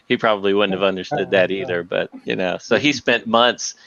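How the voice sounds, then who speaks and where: A man's voice: fairly low pitch, fairly quick, gravelly, fairly bright tone, no echo. A man in a casual group chat, telling an office anecdote, heard through dull lo-fi call audio.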